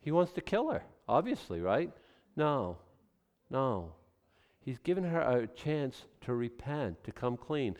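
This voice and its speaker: A male pastor delivers a sermon in a rambling, conversational style, breaking off into stories and acted-out scenes. His voice is smooth and resonant, pitched in the middle range. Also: big pitch swings, slow pace, darkish tone.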